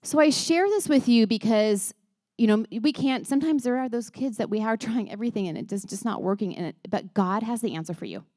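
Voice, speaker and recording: A woman's voice: a little high, brisk, warm tone, dry recording, studio quality. A woman in her thirties speaking to a church group of moms in a chatty, earnest way, often restarting her sentences. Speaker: speaker at a church moms' gathering. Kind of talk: casual talk to a women's group.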